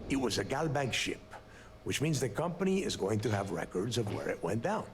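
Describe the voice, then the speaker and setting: A man's voice: mid-range voice, animated, brisk, slight background noise, close to an everyday voice. A man voicing a commanding, impatient male pirate boss in a video game, giving curt orders. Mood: scheming. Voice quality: gravelly. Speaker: game character.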